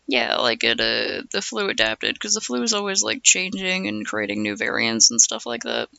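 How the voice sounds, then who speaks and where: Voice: mid-range voice, very animated, normal speed, sharp tone, no echo. A young adult streamer chatting casually with viewers, phlegmy and coughing from the flu, rambling with lots of "like" and "uh". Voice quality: gravelly.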